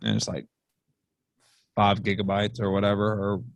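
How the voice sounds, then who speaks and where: A man's voice: lowish voice, little pitch movement, normal speed, dry recording. Blunt, swearing man coach ranting. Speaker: football offensive coordinator, guest. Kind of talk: casual podcast chat. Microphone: remote call.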